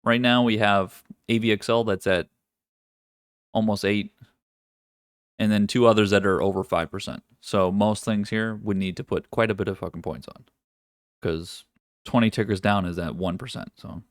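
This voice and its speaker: A man's voice: lowish voice, steady tone, moderate pace, dry recording, clean studio sound. A man hosting a live trading stream, talking casually through market analysis with frequent restarts and the odd curse. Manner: casual, profane, thinks aloud with many restarts.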